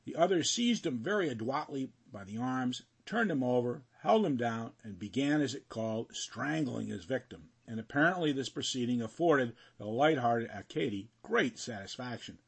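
A man narrating a classic novel in an expressive, storytelling way. His voice is husky and sits in a middle range. His delivery swings widely in pitch as he shapes each sentence. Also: moderate pace, few pauses. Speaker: audiobook narrator. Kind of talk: scripted narration.

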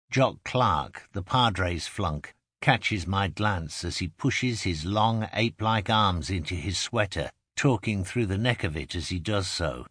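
A man narrating a first-person memoir in a measured, vivid storytelling manner. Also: fairly low pitch, a bit bright, no echo, studio quality. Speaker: audiobook narrator. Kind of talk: scripted narration.

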